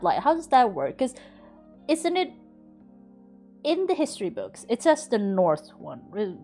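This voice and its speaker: A woman's voice: medium pitch, warm tone. A woman from Sweden with a faint Swedish accent under American-sounding English, chatting casually on a live game stream, laughing often and swearing freely. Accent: faint Swedish under an American-learned English. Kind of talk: casual live-stream chat while gaming.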